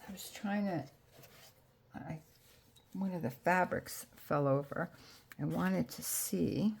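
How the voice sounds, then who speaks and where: A crafting channel host with a low, gravelly voice speaks slowly, gushing excitedly over crafts as she handles them. She chats to viewers in a casual vlog manner, dropping self-deprecating, apologetic asides.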